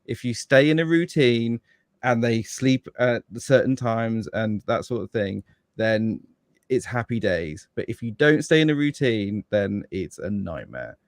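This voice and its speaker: Father, podcast guest, low voice with lots of rise and fall, dry close sound, rambling casual talk. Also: expressive, a little slow, no room sound. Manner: rambling, many restarts and fillers.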